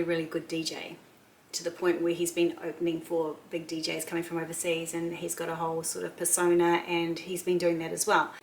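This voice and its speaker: A woman's voice: medium pitch, fairly bright tone. Woman, fifties, casual vlog chat, rambling, restarts often. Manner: chatty and rambling, many restarts. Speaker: vlogger.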